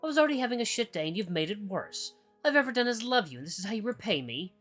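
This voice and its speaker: A man's voice: sing-song, racing, fairly bright tone, soft background music, heavily acted. A man voicing a bitter, possessive male ex-partner in a visual novel, whining and accusing in a raised voice. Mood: spiteful, furious. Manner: whiny, accusing, raised pitch.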